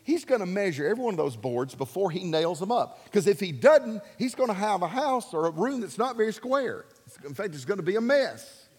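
A man preaching a sermon, emphatic and animated, swinging between loud and soft. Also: high voice, fairly quick, husky, long reverb tail. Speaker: pastor.

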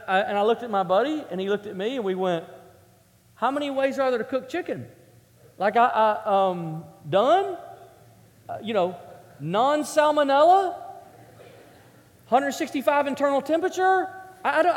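A man's voice: extremely high pitch, normal speed. A man preaching a sermon to a congregation, telling a story in a chatty, self-mocking way and asking the audience questions. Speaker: pastor. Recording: echoey hall with long reverb.

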